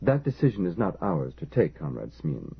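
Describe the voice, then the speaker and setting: A man's voice: low voice, moderate pace, gravelly, slightly rough, exaggerated voice. Man doing a stern government bureaucrat. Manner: stern, flat stating. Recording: lo-fi phone-like audio.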